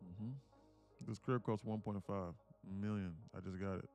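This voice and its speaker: A man from with a gravelly voice, boasting about his trading and bantering with viewers on a live stream from his home apartment. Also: on the low side, steady tone, moderate pace, dark tone, soft background music. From Atlanta, USA. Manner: boastful, teasing banter with chat. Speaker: day trader streamer.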